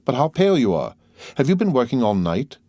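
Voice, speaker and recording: A man voicing a composed aristocratic lady with a calm, questioning manner. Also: mid-range voice, brisk, dry recording, clean studio sound, pitched above the performer's own voice. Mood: inquiring.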